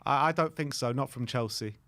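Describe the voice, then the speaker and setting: A man's voice: medium pitch, a little fast, fairly bright tone. A man hosting a fan show, friendly and matter-of-fact. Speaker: host.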